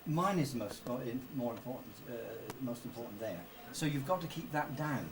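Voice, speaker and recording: A man's voice: medium pitch, lively intonation, brisk. Man coaching a violinist, mic far off. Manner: sings rhythms to demonstrate, patient, asks if understood. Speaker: piano teacher coaching a violinist. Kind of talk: music lesson coaching. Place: rehearsal room with piano. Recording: distant mic with piano in the room.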